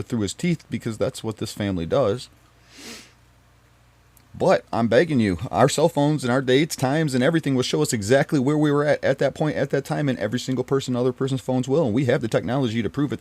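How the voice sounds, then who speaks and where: A man telling a personal story to camera in an emotional, emphatic and pleading way, swinging between loud and quiet. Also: mid-range voice, no echo.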